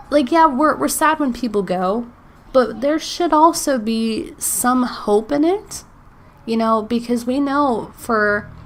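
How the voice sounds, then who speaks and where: A woman's voice: on the high side, a little hiss or hum. A woman in her thirties hosting a faith podcast alone, chatting casually with many "like"s and small laughs, at times close to tears. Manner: chatty, frequent "like" and "um", laughs between thoughts. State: emotional, near tears. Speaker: podcast host.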